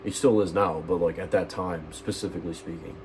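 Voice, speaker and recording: A man's voice: deep voice, fairly even intonation, a little fast, slight background noise, rough recording. A teenage guy on a stream, ranting angrily and swearing a lot, rambling and restarting his sentences. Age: teens. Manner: agitated and profane, rambling with restarts. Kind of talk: angry personal rant.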